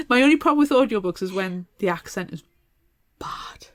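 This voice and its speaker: A woman's voice: mid-range voice, lively intonation, a little slow, no room sound, clean studio sound. A British woman co-hosting a podcast in casual chat. She talks with enthusiasm and rambles through restarts. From Britain. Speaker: podcast co-host.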